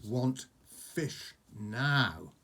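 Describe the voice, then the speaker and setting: A man's voice: mid-range voice, animated, drawn-out words, creaky, bright, forceful tone, exaggerated voice. A man voicing a small greedy young male dragon who stutters and demands food. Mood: demanding.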